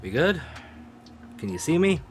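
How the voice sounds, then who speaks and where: A man's voice: a little high, big pitch swings, a little slow, soft background music. A man streaming live, chatting casually with his viewers, swearing freely and laughing often.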